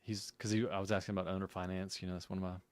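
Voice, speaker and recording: Low, smooth-voiced man telling stories. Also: racing, dry recording, clean studio sound. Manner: anecdotal, relaxed, uses "you know" often. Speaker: real estate agent guest. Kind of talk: casual radio chat.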